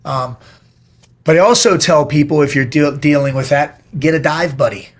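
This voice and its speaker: A middle-aged man speaks as a podcast guest, blunt and emphatic, with plenty of swearing. He tells stories in a direct, forceful way. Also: on the high side, moderate pace. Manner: blunt, profane, emphatic storytelling. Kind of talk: casual interview talk.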